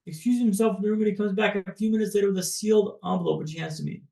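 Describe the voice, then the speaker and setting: A man from Canada, a podcast guest, telling a personal story in a dramatic, paced way with pauses. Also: high voice, vocal fry, a little mellow, reverberant.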